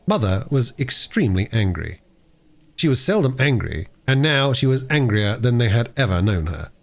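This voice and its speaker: A man reading an unabridged classic children's book aloud in an expressive narration. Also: medium pitch. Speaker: audiobook reader.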